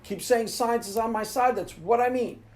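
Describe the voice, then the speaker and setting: A man's voice: very high voice, normal speed. Emphatic man in a casual monologue. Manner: emphatic, animated, laughs and acts out quotes. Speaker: Christian apologetics channel host.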